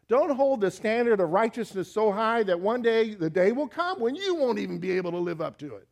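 A man's voice: high voice, darkish tone. A man preaching a sermon, folksy and emphatic, urging listeners with direct questions.

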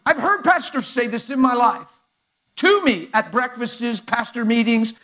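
A man preaching a sermon to a live congregation in an animated, conversational way, acting out dialogue as he goes. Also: extremely high pitch, a little slow. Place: church sanctuary before a live crowd.

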